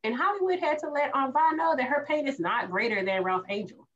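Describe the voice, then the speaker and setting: A woman's voice: sits high, fairly quick, dull audio, a crowd in the background. A woman co-hosting a podcast, chatting casually and acting out characters' lines as she recaps a show. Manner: animated, acts out characters' lines. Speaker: podcast co-host.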